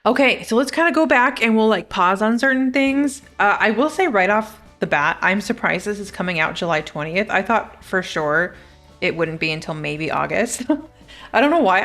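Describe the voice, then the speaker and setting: A young woman gaming YouTuber reacts to a game trailer, bubbly and chatty, gasping and giggling as she goes. Her voice is on the low side and a bit bright.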